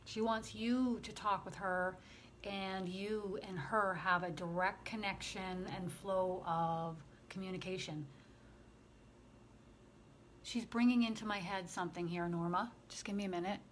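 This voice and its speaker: Slow, gentle woman medium. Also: mid-range voice, fairly even intonation, slight background noise. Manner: slow, gentle and emotional, relaying messages. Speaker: spiritual medium. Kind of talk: channeling session.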